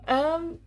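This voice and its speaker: A woman chatting casually with her stream audience while she draws, giggling often and reacting to chat. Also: very high-pitched. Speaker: live-streaming artist. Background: faint background music.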